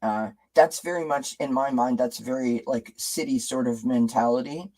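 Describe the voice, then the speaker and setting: A man's voice: mid-range voice, moderate pace, a little mellow, poor audio. A man hosting a casual live stream, chatting with viewers, reading out their comments and asking them rhetorical questions, often restarting his sentences.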